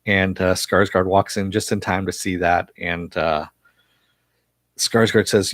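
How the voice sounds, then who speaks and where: A man's voice: sits low, fairly even intonation, unhurried, a bit bright, dry recording, studio quality. A man casually recapping a TV episode for viewers, rambling with frequent fillers and chuckles. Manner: reads viewer chat aloud. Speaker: TV episode reviewer.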